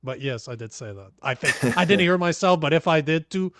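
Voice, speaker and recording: A man's voice: fairly high pitch, expressive, brisk, a bit bright, no room sound. A man co-hosting a casual political talk show, crude and mocking, poking fun at himself. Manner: crude, mocking, self-deprecating. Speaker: podcast co-host.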